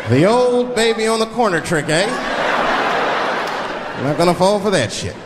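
A man on a comedy stage doing a stand-up story. His voice sits high and jumps all over the place, from loud bursts to muttered asides. It is a live recording, with the crowd laughing loudly and steady noise behind him. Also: moderate pace. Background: audience laughter.

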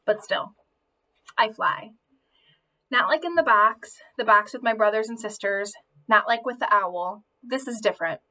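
Bright-voiced woman reading a story. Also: on the high side, unhurried. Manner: expressive first-person storytelling. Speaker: audiobook reader. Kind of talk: reading a children's novel aloud.

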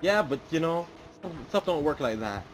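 A man's voice: on the high side, very animated, normal speed, slight background noise. A young man giving casual gaming commentary, chatty and prone to repeating himself. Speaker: gameplay commentator.

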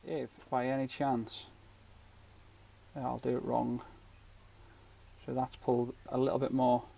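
A man's voice: mid-range voice, monotone, measured pace, creaky, warm tone, a little hiss or hum. A man giving a casual, rambling fishing knot tutorial with jokey asides. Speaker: fishing channel host.

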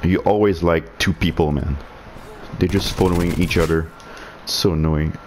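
In live gameplay commentary, a male streamer mutters sarcastically and swears at his online shooter match. French is his first language, not English. His low-pitched, slightly mellow voice keeps a fairly even intonation at a normal pace, with a little hiss or hum behind it.

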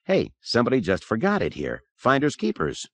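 A man's voice: medium pitch, huge pitch swings, fairly quick, dry recording, voice pushed up. A man reading aloud, voicing a brash, wisecracking young man. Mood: joking.

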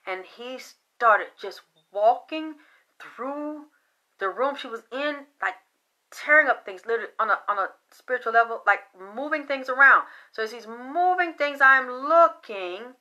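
With a voice on the high side and a measured pace, a female video host spins a rambling conspiracy tale, animated and conspiratorial, her volume shifting from loud to soft.

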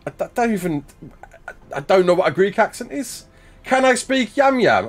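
A man in his thirties with a Black Country accent chats his way through a game livestream. He reads out chat, thanks donors as mate and son, and pokes fun at himself, his pitch rising and falling freely. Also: big pitch swings, moderate pace. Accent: Black Country English. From Black Country, England. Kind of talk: casual livestream chat reading donations and chat.

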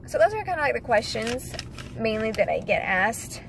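A woman's voice: a little high, sing-song, normal speed, gravelly, slight background noise, rough recording. A young woman with no accent, a model chatting casually to her viewers, giggly and direct. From United States. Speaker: model and vlogger. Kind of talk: casual chat to camera.

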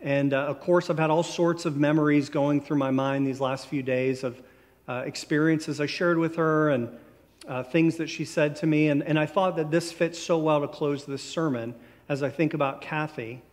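Male pastor, slightly high voice, easy conversational preaching that slows for key lines; long church reverb. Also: steady tone. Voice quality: conversational, warm storytelling delivery with slow emphatic phrases. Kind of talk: sermon. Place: church sanctuary.

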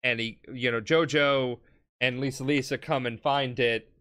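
A drunk podcast host retelling a story in an animated, comedic way, laughing, swearing and acting out characters. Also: mid-range voice, moderate pace.

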